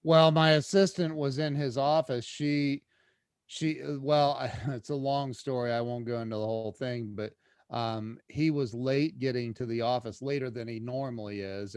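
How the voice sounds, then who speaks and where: Animated man telling stories, dry sound. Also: medium pitch, clear, resonant tone, no room sound. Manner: animated, many restarts, swings loud when excited. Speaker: podcast guest. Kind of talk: casual storytelling interview.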